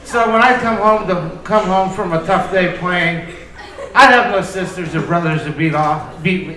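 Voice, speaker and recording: A man's voice: high voice, measured pace, bright, forceful tone, a little hiss or hum. A man performing a loose, profane, self-deprecating stand-up comedy set on a club stage. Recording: echoey club with crowd laughter. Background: audience laughter.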